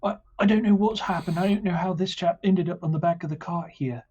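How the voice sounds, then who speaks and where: A man voicing a nervous, flustered male guard who talks in a rushed, apologetic way. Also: warm tone, slightly rough. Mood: baffled. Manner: rushed, apologetic, high-strung. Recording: dull lo-fi sound.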